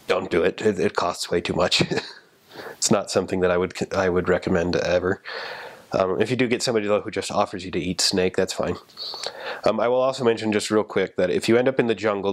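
A young man with a fairly low voice talks through his mission memories in a relaxed, chatty way. He laughs at his own anecdotes as he gives advice. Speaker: returned missionary. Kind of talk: casual advice talk.

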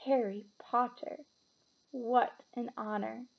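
A woman reading aloud and voicing an old male innkeeper who speaks slowly in a hushed, reverent, tearful voice. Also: very high-pitched, steady tone, gravelly, lo-fi sound, pitched above the performer's own voice, exaggerated voice. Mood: awed.

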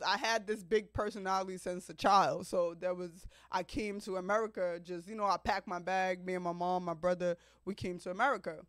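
A woman in her thirties from Africa, hosting a podcast and telling her life story to listeners in an expressive, chatty way, often laughing. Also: mid-range voice, no room sound, studio quality. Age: 30s. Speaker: podcast host. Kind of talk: personal storytelling monologue.

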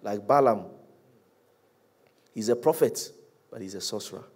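A male pastor preaching a sermon, animated, rising to loud peaks and dropping to hushed, drawn-out lines. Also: fairly low pitch, slightly rough.

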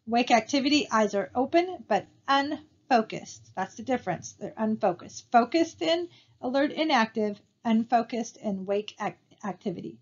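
Higher-voiced woman giving a slide lecture. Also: animated, moderate pace, highs cut off. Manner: conversational, asks rhetorical questions. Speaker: college instructor.

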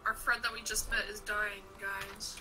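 A woman's voice: medium pitch, level tone, normal speed, rough recording. A young adult woman co-hosting a game stream with blunt, sarcastic, sweary commentary. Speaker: co-host of a let's play. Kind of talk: casual gameplay commentary. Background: game music.

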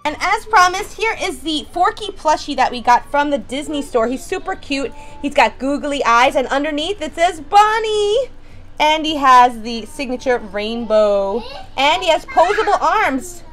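A woman hosting a toy unboxing video, chatty and excitable, talking straight to her viewers. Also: high voice, measured pace, faint music behind. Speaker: toy unboxing channel host. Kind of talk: casual unboxing chat.

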